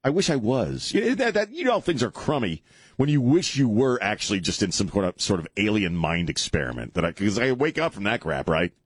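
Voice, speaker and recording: Middle-aged male radio host, lowish husky voice, lively jokey delivery, dry close sound. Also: brisk, no room sound. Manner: joking, rambling, laughs often. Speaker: radio talk show host. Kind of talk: casual comedic talk radio.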